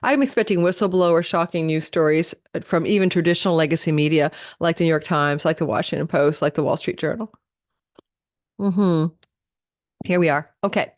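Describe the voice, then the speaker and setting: A woman hosting a live astrology forecast, talking quickly and chattily and correcting herself as she goes. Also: sits low, no echo, studio quality. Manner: fast, chatty, self-correcting, talks quickly like an auctioneer. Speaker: astrology channel host.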